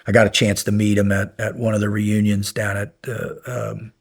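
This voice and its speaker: Male guest, husky tone, animated casual storyteller. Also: lowish voice, moderate pace. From United States. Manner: animated, acts out quoted dialogue, many restarts. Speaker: podcast guest, former Navy SEAL.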